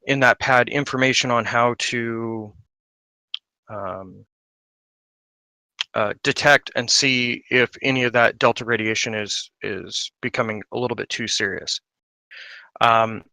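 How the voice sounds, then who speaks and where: Game master, male, halting in-character narration, bright and gravelly. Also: medium pitch, dry recording. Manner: rambling, hesitant with many fillers.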